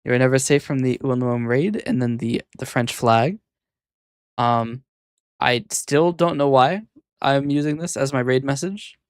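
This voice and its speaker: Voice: medium pitch, a little slow, clear, resonant tone, no room sound, studio quality. A VTuber streamer chatting casually on a live stream, rambling and hesitant, often muttering to themself.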